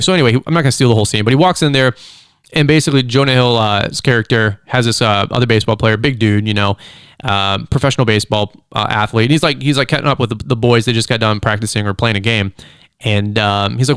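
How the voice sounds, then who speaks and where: A middle-aged man hosting a casual solo podcast, chatty and animated, acting out quick quoted voices as he tells stories. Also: on the low side, clear, resonant tone, no echo, clean studio sound. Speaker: podcast host, lawn care business owner. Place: studio.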